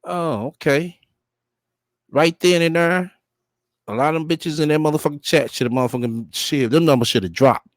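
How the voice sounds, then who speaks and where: A man's voice: a little high, normal speed, no echo. Man, reaction commentary, blunt, profane, mocking, dry close sound. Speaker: reaction show host.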